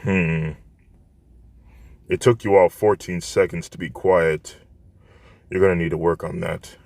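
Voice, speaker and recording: Man playing a bored flat-voiced teacher, deep, dry. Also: unhurried, creaky, no echo. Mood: deadpan. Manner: flat, tired, deadpan. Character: weary deadpan male teacher.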